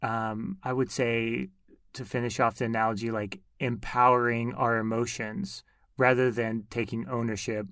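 A man co-hosting a podcast talks in a thoughtful, reflective way and stops now and then to find his words. His pitch is middling for a man. The sound is dry and close to the mic. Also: level tone, moderate pace, fairly bright tone, no room sound. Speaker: podcast co-host. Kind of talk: conversational podcast talk.

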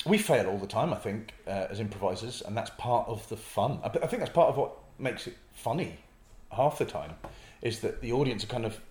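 Animated man in an echoey room. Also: on the low side, a little fast. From North East England. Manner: animated storyteller acting out little scenes. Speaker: improv comedian guest. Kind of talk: casual interview chat.

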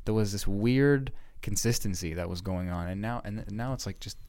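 Man, low-pitched, dry and close, wry joking banter. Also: a little fast, darkish tone, dry recording. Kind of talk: casual chat.

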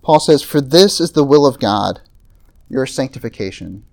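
At an evening campus-group gathering, a pastor preaches in a casual, chatty way, sprinkling in asides and filler words like "like" and "right?" He sounds animated at a moderate pace, with a darkish mid-range voice and some vocal fry.

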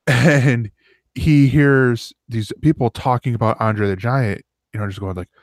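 A man's voice: medium pitch, fairly even intonation, a little slow, no room sound, clean studio sound. A man co-hosting a podcast, telling a long rambling story in casual chat and acting out the quotes. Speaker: podcast co-host.

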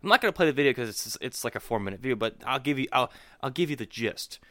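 A man's voice: medium pitch, fast talker, no room sound, clean studio sound. A man co-hosting a podcast, giving casual political commentary that swings into incredulous outbursts. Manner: animated, rising to incredulous outbursts. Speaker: podcast co-host.

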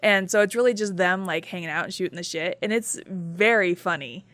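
Woman on a podcast, excitable and casual, dry close sound. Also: fairly low pitch, a little fast, no echo. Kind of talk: casual chat.

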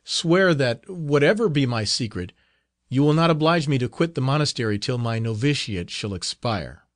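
A man's voice: medium pitch, lively intonation, normal speed, no room sound, studio quality, voice pushed up, close to an everyday voice. A man voicing a young male novice in an audiobook, pleading in an emotional, faltering way. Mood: urgent. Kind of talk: audiobook character reading.

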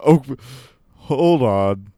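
A young man improvising a comedy sketch, excitable and exclaiming, laughing mid-line. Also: medium pitch, extremely slow, clean tone, no echo.

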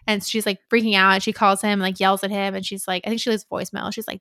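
A woman's voice: mid-range voice, flat delivery, quick pace, hardly any pauses, sharp tone, no echo. A young woman retelling a story in casual chat, chatty with many fillers.

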